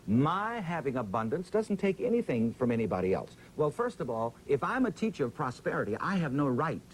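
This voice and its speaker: A man, interviewed as a preacher, tells his story with a dramatic, drawn-out pulpit cadence. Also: on the high side, very animated, slight background noise, poor audio.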